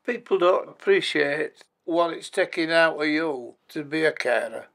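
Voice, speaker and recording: A man's voice: on the high side, measured pace, gravelly, a bit bright. A man, telling his life story as a bereaved husband and former carer in a plain-spoken, matter-of-fact way. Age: 80s. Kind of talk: personal life story told for a documentary.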